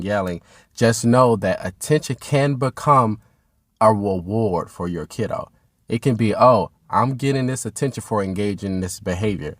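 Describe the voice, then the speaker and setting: A man with a fairly low voice gives parents steady, instructive advice on their children's behavior. He keeps an even, calm delivery, and the sound is close and dry with almost no room echo. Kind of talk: direct-to-camera parenting advice.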